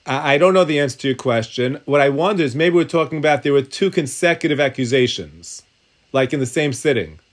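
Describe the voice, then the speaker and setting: This man teaches a Talmud and halacha class in a synagogue study hall, speaking a little fast at medium pitch. He thinks aloud, keeps restarting sentences, and drops Hebrew terms into his English.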